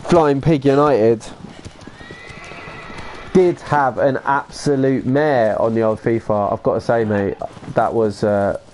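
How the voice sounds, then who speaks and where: A man's voice: fairly low pitch, a little mellow, slight background noise. A man chatting casually through a live game stream, laughing along with chat and muttering to himself when he gets lost. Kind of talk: live gameplay commentary.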